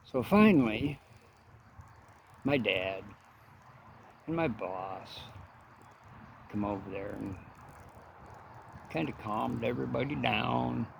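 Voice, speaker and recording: A man's voice: medium pitch, slow pace, creaky, long pauses, slight background noise, rough recording. A man telling a folksy, profane story in a casual, rambling way.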